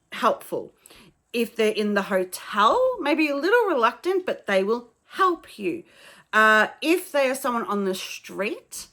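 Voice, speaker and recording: A woman's voice: fairly high pitch, a bit bright. An Australian woman telling travel stories to camera in a frank, chatty way, with swearing and many fillers. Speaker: travel vlogger. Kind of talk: casual storytelling to camera.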